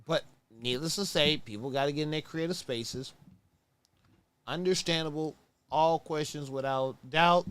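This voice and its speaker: A man's voice: fairly high pitch, unhurried, fairly bright tone, smooth. A man hosting a casual sneaker review show, talking in a laid-back, rambling way, often correcting himself and sounding tired. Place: at home on camera, moving around.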